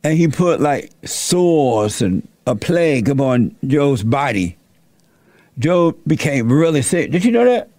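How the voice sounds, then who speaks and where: A man retells a Bible story in a folksy, plainspoken sermon style. His voice is gravelly and slightly high, and he speaks very slowly. The sound is close and dry. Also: very animated, darkish tone, no room sound. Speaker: host and preacher.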